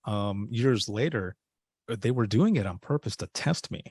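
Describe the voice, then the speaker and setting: A man's voice: lowish voice, animated, normal speed, a little mellow, breathy edge, dry recording, clean studio sound. A man telling a personal story in a casual interview, acting out the dialogue he quotes. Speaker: podcast guest, former dispatcher.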